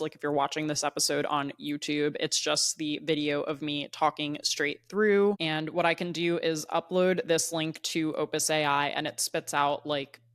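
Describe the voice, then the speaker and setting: A woman's voice: low-pitched, no room sound, studio quality. A young woman hosting her own podcast, talking casually into a plugged-in mic and saying "like" often. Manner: chatty, says "like" often. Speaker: podcast host. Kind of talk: casual solo podcast talk. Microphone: plugged-in microphone at a laptop.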